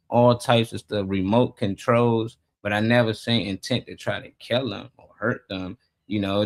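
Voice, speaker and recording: A middle-aged man co-hosting a casual talk show, speaking in a blunt, laid-back way. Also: fairly low pitch. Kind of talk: casual chat.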